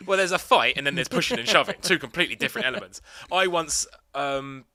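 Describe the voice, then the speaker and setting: A man's voice: on the high side, fast talker. A young man co-hosting a podcast, telling rambling, sweary stories in casual chat. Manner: rambling, sweary, animated storytelling. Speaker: podcast co-host.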